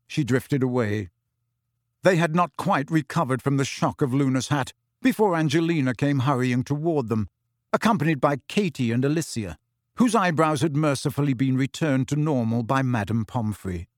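Male storybook narrator, measured delivery, dry close sound. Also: mid-range voice, animated, no echo. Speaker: audiobook narrator. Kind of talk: scripted narration.

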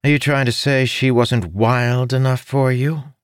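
A man's voice: medium pitch, fairly even intonation, unhurried, clear, resonant tone, dry recording, clean studio sound, voice pushed up, close to an everyday voice. A man voicing a young male illusionist, an apologetic and teasing friend, in a fantasy audiobook.

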